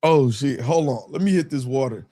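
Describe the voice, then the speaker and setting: Reading viewer super chats on his live stream, a man speaks at a moderate pace in a mid-range voice. The talk is casual and slangy, with a relaxed drawl and constant bursts of laughter.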